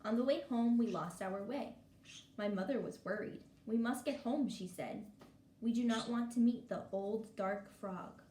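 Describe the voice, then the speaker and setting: A steady, encouraging male frog from a children's storybook, read aloud by a woman. The voice sits a little high. It is recorded in an echoey room with a faint hiss behind it. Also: measured pace, recorded from a distance, close to an everyday voice. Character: cheerful patient male frog, a storybook friend.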